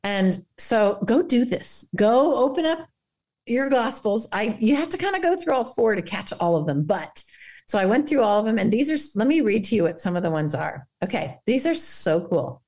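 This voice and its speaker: A woman guest on a faith podcast, speaking earnestly and guiding listeners through a quiet reflection. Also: fairly high pitch, sing-song, normal speed.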